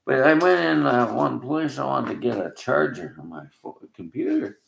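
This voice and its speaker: A man's voice: mid-range voice, big pitch swings, normal speed, gravelly, echoey room, a crowd in the background. An older Canadian man delivering a blunt, cursing rant, laughing between complaints. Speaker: vlogger. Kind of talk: ranting monologue.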